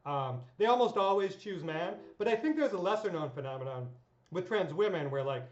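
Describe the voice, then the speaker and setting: A woman's voice: on the low side, expressive, a little fast. Rambling woman with a bit of echo. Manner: rambling, filler-heavy, swears freely, laughs often. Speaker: vlogger. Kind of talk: casual storytelling monologue. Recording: echoey dull room sound.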